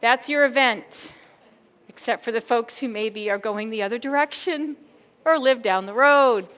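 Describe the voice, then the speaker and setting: Middle-aged female keynote speaker, animated, talks straight to a room of educators. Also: on the high side, a little slow. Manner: animated, addresses audience as folks, acts out quoted thoughts. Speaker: school behavior consultant and keynote speaker.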